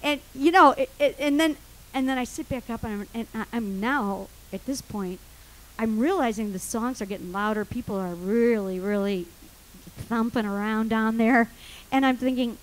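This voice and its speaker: A woman with a notably high voice tells a comic personal story live on stage. She acts out her panic vividly, swinging between hushed asides and shouted cries for help. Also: animated, normal speed, low-quality recording.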